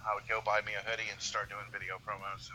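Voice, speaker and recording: A man's voice: lowish voice, little pitch movement, fast, pushed and bright, slight background noise, poor audio. A man co-hosting a podcast, making playful jokes in casual chat. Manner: joking, playful interjections. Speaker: podcast co-host.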